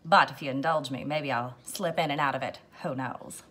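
A woman's voice: a bass voice, steady tone, normal speed, a bit bright. A woman hosting a casual cocktail how-to, playful, slipping in and out of a put-on continental accent. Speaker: cocktail show host.

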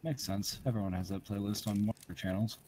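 A man's voice: on the low side, fast, dark tone, slight background noise. A young man chatting with a friend during a game stream, swearing and laughing wryly. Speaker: gamer, video editor. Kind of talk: casual gaming banter.

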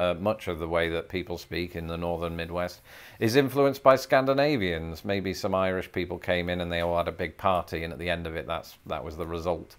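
Dry-humored Englishman with a lowish voice. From England. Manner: dry, self-deprecating humor. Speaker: YouTuber. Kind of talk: comedic talking-head vlog.

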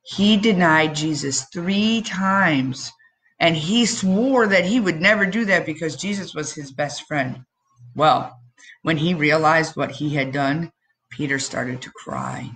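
A woman giving a children's message in church, telling the story expressively with dramatic pauses and questions to the kids. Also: deep voice, a bit bright, a little hiss or hum.

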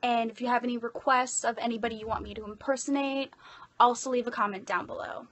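A woman's voice: on the high side, steady tone, fast talker, fairly bright tone. A young woman with an Irish accent, chatting casually and self-deprecatingly about her voice-acting commissions. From Ireland. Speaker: hobby voice actor.

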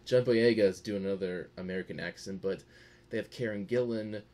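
A man's voice: fairly low pitch, brisk, a little mellow, slight background noise. A young adult man co-hosting a casual movie review talk, rambling a bit and laughing at himself. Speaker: co-host.

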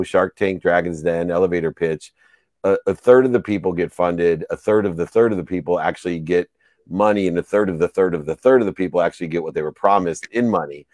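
A man's voice: low-pitched, a little mellow, no room sound, clean studio sound. A man co-hosting an interview, earnest and speaking with fillers like "uh" and "um". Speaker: co-host. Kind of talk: casual interview chat.

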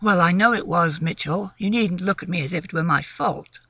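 Well-spoken young gentleman, persistent and coaxing, dry close read by a woman. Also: on the low side, brisk, husky, no room sound, voice pushed down.

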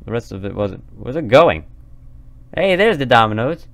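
A man's voice: medium pitch, very animated, moderate pace, vocal fry. Chatty man commenting on gameplay. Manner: chatty, laughing, talks at the game. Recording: noisy compressed recording.

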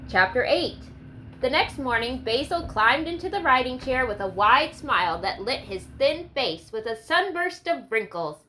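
A woman narrating a historical story aloud in an expressive storytelling manner. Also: high-pitched, normal speed, slight background noise, poor audio. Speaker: audiobook narrator. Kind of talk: scripted narration.

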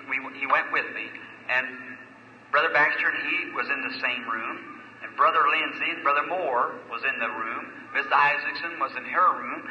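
A man's voice: medium pitch, bright, forceful tone, muffled recording, a little hiss or hum. A man preaching a sermon, telling a story and retelling conversations line by line, with frequent "I said" and "See?". He speaks live in a large meeting hall. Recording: echoey old live hall recording.

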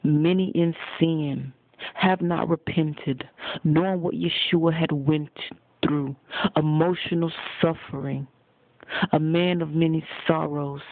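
A man preaching a sermon, addressing his listeners directly and accusingly at a deliberate pace. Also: fairly high pitch, dry recording. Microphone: phone. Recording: tinny phone recording, dry.

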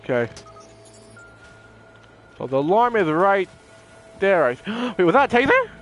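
High-voiced excitable male gamer. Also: unhurried, soft background music. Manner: excitable, goofy, mock-scolds game characters. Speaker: gameplay commentator. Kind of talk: casual let's-play commentary.

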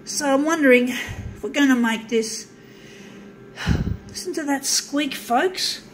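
A woman's voice: sits high, slow, a little hiss or hum, poor audio. Profane, griping Australian woman. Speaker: vlogger. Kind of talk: casual ranting monologue. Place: room with a running copier.

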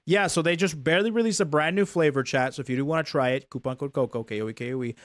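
A young man hosting a streamed talk show, chatting casually and laughing easily, with frequent restarts. His voice sits fairly high for a man. The sound is close and dry, with no room in it. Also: fast talker, no room sound. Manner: laughs often, repeats words, plugs sponsor code.

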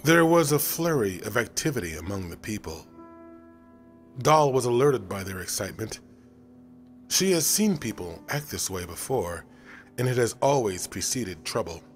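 A man narrating a novel in a steady, even storytelling style, over faint music. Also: lowish voice, moderate pace. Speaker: audiobook narrator.

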